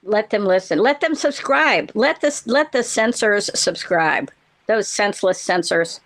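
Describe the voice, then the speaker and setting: A woman's voice: mid-range voice, lively intonation, unhurried, fairly bright tone. A middle-aged woman, a therapist co-hosting a podcast, chatting playfully and explaining things at length. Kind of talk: casual chat.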